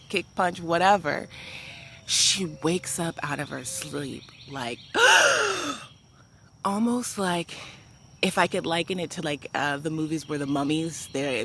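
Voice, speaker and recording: A woman vlogger telling a personal story to camera in an animated, chatty way, full of "like" and speaking to viewers as "y'all.". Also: on the low side, a little hiss or hum.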